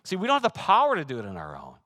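A man preaching a sermon, animated and excitable, acting out quoted voices and breaking into soft laughs. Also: on the high side, racing. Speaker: pastor.

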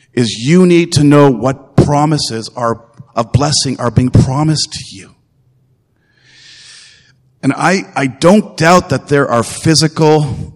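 A man's voice: mid-range voice, in a large hall. A man preaching a sermon as pastor, earnest and emphatic, repeating phrases and putting direct questions to his listeners.

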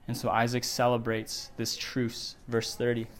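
A man's voice: medium pitch, completely flat delivery, measured pace, a little hiss or hum. A middle-aged man preaching a sermon in a church, earnest and repeating phrases for emphasis. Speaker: pastor. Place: church sanctuary.

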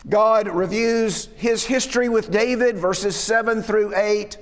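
A man's voice: high voice, fairly even intonation, measured pace. A man preaching an expository sermon, walking through a passage verse by verse and asking rhetorical tag questions. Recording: long reverb of a hall.

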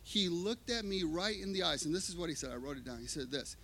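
A man preaching a sermon, telling a personal story with lively, expressive delivery. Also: a little high, fast talker. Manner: expressive storytelling, acting out scenes. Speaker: pastor.

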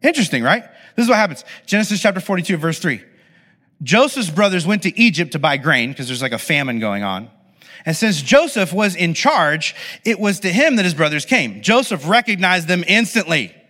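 Bright-voiced man preaching a sermon. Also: high-pitched, brisk. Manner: conversational, animated, many asides. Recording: long hall reverb.

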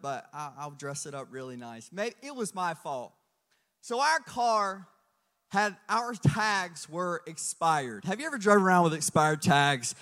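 A man preaching a sermon as pastor, telling stories with lively swings from hushed asides to loud emphasis. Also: sits high, long reverb tail.

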